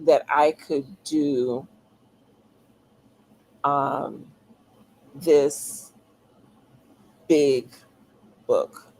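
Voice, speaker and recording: A woman with a fairly low voice speaks slowly and thoughtfully as an interview guest. She pauses often and fills the gaps with ums while she restarts her sentences. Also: steady tone, darkish tone, rough recording. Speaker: author guest. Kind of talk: casual interview talk.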